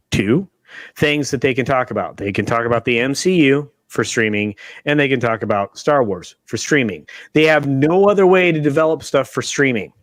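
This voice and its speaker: A man's voice: mid-range voice, fairly bright tone, no echo. A man hosting a casual livestream chat over a video call, talking emphatically with restarts and insistent asides. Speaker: show host. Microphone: video call webcam.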